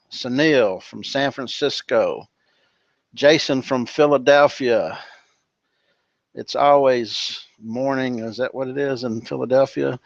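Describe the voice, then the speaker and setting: A man's voice: mid-range voice, creaky, no echo, muffled recording. A man hosting a live online webinar, casually reading out viewer greetings and chatting, calling people brother and dude. He is from California. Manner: relaxed and chummy, calls people brother and dude. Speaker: webinar host.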